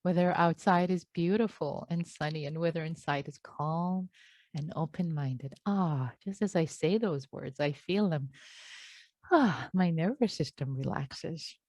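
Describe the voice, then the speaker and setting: Her voice deep and unhurried, a woman leading meditation on a video call reads out people's check-ins and replies affectionately and warmly. The audio has no echo.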